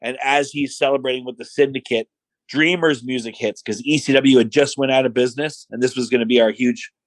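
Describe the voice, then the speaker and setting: A man's voice: mid-range voice, a little fast, no echo, low-quality recording. A middle-aged man telling stories in a casual chat, acting out quotes in voices and saying "like" and "you know" often. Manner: animated storyteller who acts out quotes in voices; filler-heavy, says "like" and "you know" often. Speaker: podcast guest.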